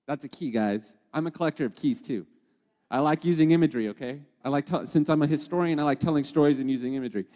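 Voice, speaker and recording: A man's voice: medium pitch, lively intonation, fairly quick, darkish tone. Chatty male teacher in a reverberant space. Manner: chatty, keeps checking in with "okay?" and "right?". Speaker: podcast host and teacher. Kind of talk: conversational devotional teaching.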